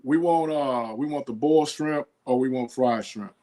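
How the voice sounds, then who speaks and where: A man hosting a podcast, asking quick this-or-that questions in a relaxed, casual way and filling pauses with "okay.". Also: medium pitch. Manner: relaxed, quizzing, says okay a lot. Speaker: podcast host.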